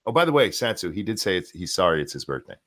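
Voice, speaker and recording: Lively, playful man co-hosting a chat. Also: sits low, quick pace. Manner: playful, teasing. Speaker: podcast co-host. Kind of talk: casual chat.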